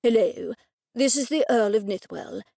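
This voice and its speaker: A woman reading an audiobook, voicing a pompous, stubborn older English gentleman with stiff, old-fashioned phrasing. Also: high-pitched, unhurried, vocal fry, dry recording, studio quality, full character voice. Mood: formal.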